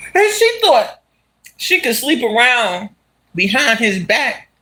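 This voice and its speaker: An animated vlogger walks through the city and retells a movie plot in loose, slangy street talk. The voice swings up and down often and breaks into laughter. It leans on the listener with repeated asides. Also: medium pitch. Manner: animated, slangy, laughs as it talks, asks "you understand?". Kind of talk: casual storytelling while walking.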